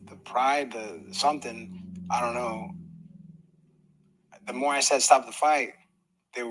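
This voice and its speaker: A man's voice: mid-range voice, bright, forceful tone, low-quality recording. A middle-aged man, a professional boxer, telling a story in a podcast interview, acting out moments with sound effects and laughter.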